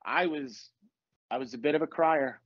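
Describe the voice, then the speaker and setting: Give me a middle-aged man hosting a chatty podcast, animated and cursing, on dry, dull audio. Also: medium pitch, moderate pace, no echo. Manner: animated, swears freely, laughs often. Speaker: podcast host. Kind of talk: casual storytelling chat. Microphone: podcast mic.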